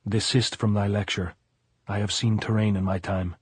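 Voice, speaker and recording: A man voicing a tough, coarse middle-aged woman guerrilla in an audiobook, gruff and dismissive. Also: on the low side, little pitch movement, normal speed, no echo. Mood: scornful. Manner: gruff, dismissive, bellowing from afar.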